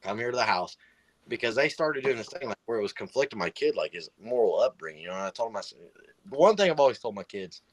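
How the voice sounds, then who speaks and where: A man's voice: medium pitch, sing-song, fast, no room sound. A man in his thirties or forties telling a heated personal story in casual chat, swearing constantly.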